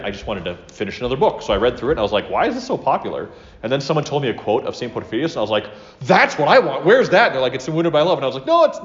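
Earnest man teaching in a roomy hall. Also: fairly low pitch. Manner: earnest, conversational, with asides and self-corrections. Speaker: teacher of a class on spiritual life. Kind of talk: conversational religious teaching talk. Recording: roomy, dull lo-fi room recording.

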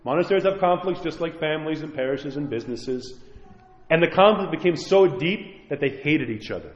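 A priest preaching with earnest, emphatic conviction, his slightly high voice carrying a long, echoing reverb. The sound is dull and lo-fi, as if caught by a modest mic in a large hall. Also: expressive, brisk. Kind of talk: sermon.

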